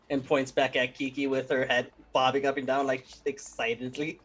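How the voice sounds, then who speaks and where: A man's voice: mid-range voice, little pitch movement, moderate pace, few pauses, a bit bright. Hesitant man playing a tabletop game. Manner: hesitant, with many restarts. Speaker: player. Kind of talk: casual tabletop role-play.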